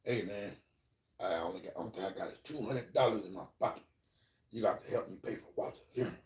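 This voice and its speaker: A man putting on a timid, pleading man who speaks quietly, in an echoey room. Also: on the low side, fast, distant mic, pitched below the performer's own voice, lightly acted.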